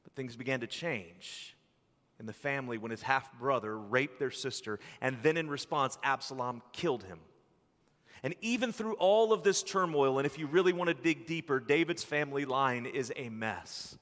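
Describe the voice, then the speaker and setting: A man delivers a sermon from the pulpit in an earnest, measured way, pausing often and sometimes restarting a phrase. His voice sits at an ordinary middle pitch. It rings out with a long echo through the church sanctuary. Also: fairly bright tone. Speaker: pastor.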